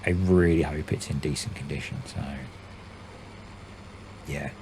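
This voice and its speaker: Gravelly low-voiced man in his forties. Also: measured pace, slight background noise. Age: 40s. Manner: rambling, says his voice is usually monotone. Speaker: gaming channel host. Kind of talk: casual let's-play commentary.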